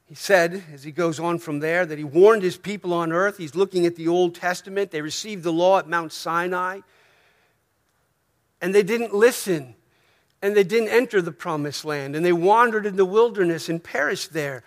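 American male pastor, high voice, conversational sermon with soft asides and emphatic swells. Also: normal speed. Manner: conversational preaching, frequent "right?" checks.

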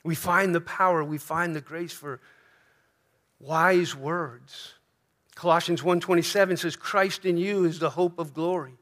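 A male pastor preaching a sermon earnestly, dropping into soft, prayerful tones. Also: fairly high pitch, fairly even intonation, measured pace.

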